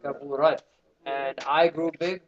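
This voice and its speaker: A man's voice: fairly high pitch, fairly even intonation, unhurried. A man teaching beginners Arabic in a classroom, drilling students with call and response. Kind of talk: classroom lesson. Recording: muffled lo-fi classroom recording.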